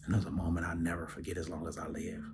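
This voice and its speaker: Deep-voiced man telling an emotional story. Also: fast, background noise. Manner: animated, emotional, drops to soft near-whispers. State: choked up, close to tears. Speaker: podcast host. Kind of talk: personal storytelling.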